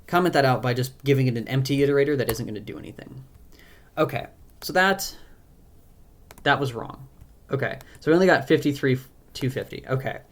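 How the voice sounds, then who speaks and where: A programmer and language creator, whose voice is giving out, talks through a live coding walkthrough, thinking aloud and hesitating with frequent ums. He speaks briskly at medium pitch.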